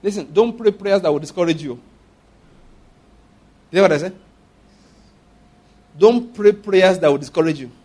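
Husky pastor preaching animatedly. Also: male voice, high-pitched, moderate pace, long pauses. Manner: animated preaching, acting out prayers and dialogue; repeats phrases and asks the audience for agreement. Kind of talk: sermon.

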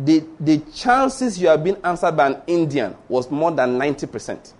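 A man's voice: a little high, animated, moderate pace, few pauses, darkish tone. A middle-aged man with a Nigerian Yoruba accent, preaching a sermon in an emphatic storytelling way. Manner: storytelling, emphatic, repeats points. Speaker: pastor.

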